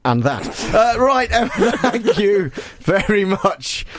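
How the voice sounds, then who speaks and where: A man's voice: sits high, sing-song, slow, crowd noise. A man hosting a radio talk show, joking and rambling with many restarts, on a studio microphone. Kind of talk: casual radio chat.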